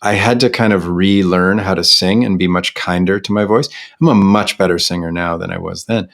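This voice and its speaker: A man's voice: sits low, steady tone, brisk, gravelly, a bit bright. A middle-aged man from Canada, a singer-songwriter talking candidly as an interview guest, reflective and self-deprecating with many restarts.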